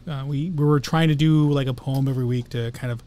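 Calm, serene-voiced male talk-show host. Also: medium pitch, fast talker. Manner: calm, serene announcer voice, rambling with many restarts. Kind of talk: casual chat. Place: studio.

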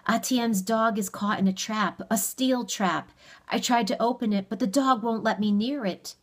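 A woman's voice: fairly high pitch, normal speed, voice pushed up, lightly acted. A woman voicing a desperate, stubborn young teenage boy who speaks urgently, pleading and then commanding, in a storybook reading.

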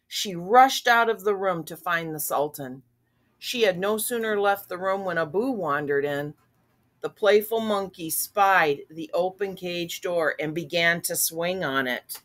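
An older woman reading a children's book aloud in a gentle, patient way, pausing to ask her listeners what they think. Her voice sits low for a woman, and she takes her time. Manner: gentle, asks the listener questions. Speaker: storybook reader.

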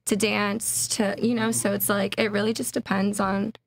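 A woman's voice: mid-range voice, little pitch movement, normal speed, gravelly. A woman guest on a podcast, talking frankly and unbothered. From New York. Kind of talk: casual interview chat.

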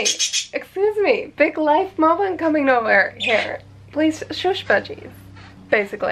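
A woman's voice: mid-range voice, gravelly, fairly bright tone, a little hiss or hum. A young woman vlogging casually to camera, chatty and bubbly, full of "like" fillers and giggles. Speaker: vlogger launching a business. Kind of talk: casual vlog talk to camera.

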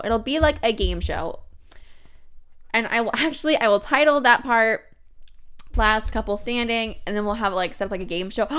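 A young woman talks through her game in a chatty, excitable way, full of fillers. Her voice sits a little high and sounds bright and crisp, though her nose is stuffed up from a cold. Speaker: let's play host. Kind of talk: casual gameplay commentary.

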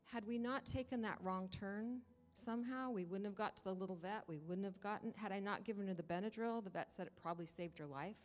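A woman telling a congregation a personal story in a lively way, acting out the dialogue as she goes. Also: medium pitch, brisk, hardly any pauses, big-room sound. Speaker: church member giving a testimony. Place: church sanctuary.

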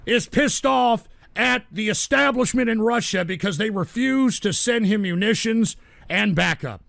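A man hosting a live radio show, exasperated and shouting at trolls in the chat. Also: high-pitched, expressive, measured pace, creaky, dry recording. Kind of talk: ranting livestream talk.

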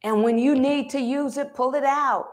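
A woman pastor preaching a sermon in a church, animated and full of call-and-response. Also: high-pitched, normal speed. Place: church sanctuary.

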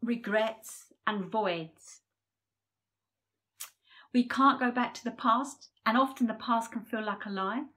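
A woman giving a personal numerology forecast to camera, talking earnestly and openly emotional, with pauses. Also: on the high side, fairly bright tone. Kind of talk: personal spiritual talk to camera.

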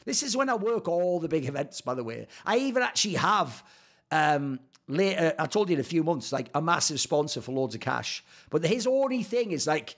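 A man in a sarcastic, profane commentary on old tweets, swinging between loud outbursts and low mutters. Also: very animated, moderate pace. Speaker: esports commentator and YouTuber.

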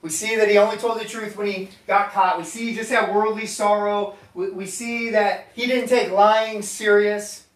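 A man's voice: high voice, steady tone, normal speed, few pauses. A man giving an emphatic, conversational sermon to a gathering in a meeting room. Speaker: preacher. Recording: echoey room, voice from far off.

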